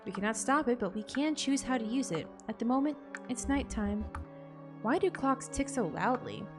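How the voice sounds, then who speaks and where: A young adult woman playing a game on camera, reading its text aloud and reacting in an expressive, jokey way, with bursts of loud disbelief. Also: a little high, moderate pace, over music. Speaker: gaming content creator.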